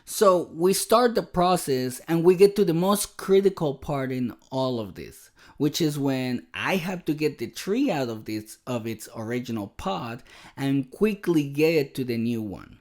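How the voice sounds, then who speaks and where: A man hosting a podcast, telling a personal story in an animated, self-deprecating way. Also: medium pitch, a little slow. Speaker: podcast host. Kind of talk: casual storytelling monologue.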